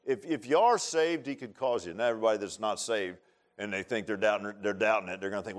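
A man's voice: fairly low pitch, fast talker. Folksy preacher man, emphatic. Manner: folksy, repetitive, rising to loud emphatic bursts. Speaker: pastor. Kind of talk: sermon.

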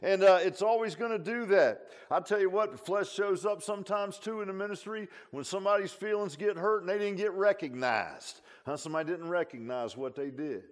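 A man's voice: high-pitched, brisk, few pauses. A man preaching a sermon as pastor in a folksy, conversational way, with emphatic asides and frequent repeats and restarts. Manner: repeats himself and restarts often.

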